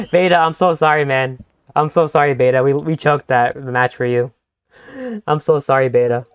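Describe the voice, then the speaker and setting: Excitable stammering young male streamer. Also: fairly high pitch, clear, resonant tone. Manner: excitable, stammering, repeats himself. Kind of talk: live gameplay commentary.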